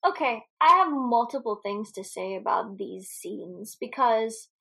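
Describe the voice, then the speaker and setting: Animated, laughing woman recapping a movie. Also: a little high, a little slow, gravelly, slightly rough. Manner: laughs often, animated, swears freely. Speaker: podcast co-host. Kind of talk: casual movie recap chat.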